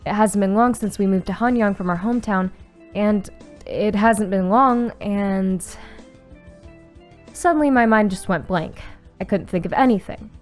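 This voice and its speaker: A young woman reading a visual novel aloud and reacting with sudden excited squeals and swearing. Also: medium pitch, normal speed, soft background music. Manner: reads story text aloud, breaks into excited squeals and swearing. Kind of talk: casual playthrough narration with reactions.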